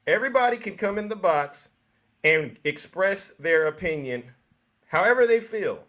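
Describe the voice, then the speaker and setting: Bright-voiced man hosting a call-in. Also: sits high, normal speed. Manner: calm, soothing, repeats names to get attention. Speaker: host. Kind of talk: live call-in show hosting.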